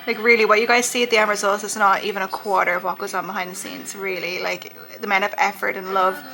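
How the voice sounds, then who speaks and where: A woman's voice: mid-range voice, level tone, quick pace. A woman hosting a reaction video, talking casually and emotionally with lots of "like" fillers. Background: faint music video playing.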